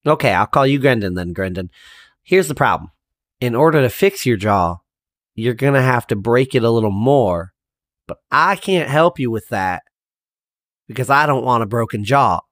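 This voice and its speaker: Lively folksy man at a game table. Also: medium pitch, moderate pace, no room sound, studio quality. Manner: animated, folksy and rambling. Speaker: player. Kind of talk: casual tabletop play.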